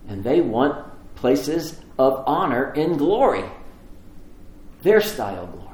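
A man's voice: mid-range voice, expressive, measured pace, a little mellow. A man preaching a sermon, telling the story with animation and acting out the voices in it. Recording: echoey room with faint ambience.

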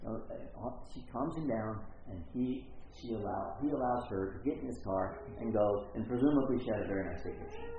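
A man's voice: mid-range voice, wildly swooping pitch, fairly quick, few pauses, slight background noise. A middle-aged man teaching a Bible story in a conversational, rambling way, often interrupting himself. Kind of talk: storytelling sermon. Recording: echoey phone-like recording.

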